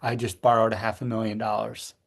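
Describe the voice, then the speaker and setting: Chatting casually as a podcast co-host, a middle-aged man recounts something personal in an earnest, halting way, frequently starting his sentences over. His voice is fairly low and gravelly, and his delivery is completely flat.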